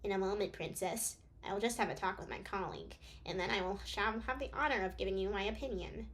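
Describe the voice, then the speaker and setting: A woman voicing a pompous, impatient celebrated male doctor in a nerdy, subdued, measured manner for an audiobook reading. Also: mid-range voice, a bit bright, natural voice. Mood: lecturing.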